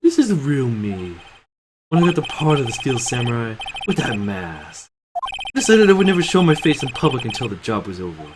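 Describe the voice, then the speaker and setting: A man's voice: medium pitch, big pitch swings, brisk, background noise, close to an everyday voice. A man voicing a timid, nervous grown man in a fan dub of a video game, speaking hesitantly and stammering. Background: loud game music.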